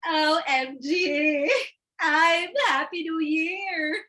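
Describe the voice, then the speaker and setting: A woman, voicing a bossy, vain older sister in a comic speech, haughty and drawn-out. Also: high voice, steady tone, pushed and bright, voice pushed up, heavily acted. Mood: smug.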